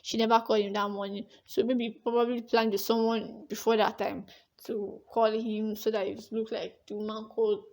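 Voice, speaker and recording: Young nigerian woman storytiming on her vlog, kinda high voice, acts out everyone she talks about. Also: moderate pace, vocal fry. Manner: lively, acts out the dialogue she recalls. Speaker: vlogger. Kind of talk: casual storytelling to camera.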